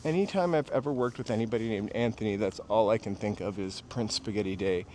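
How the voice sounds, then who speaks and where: A man's voice: fairly low pitch, brisk, mellow. A man from New Hampshire hosting a casual walking livestream outdoors at night, rambling through nostalgic stories and talking to viewers. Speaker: livestream host. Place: outdoors on a city street at night. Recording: street traffic noise behind. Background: passing cars and city ambience.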